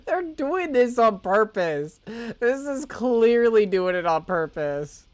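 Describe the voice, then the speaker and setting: A woman commenting casually while playing a game on a live stream, chatty and quick to giggle. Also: a little high, dry recording. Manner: chatty, giggly, animated reactions.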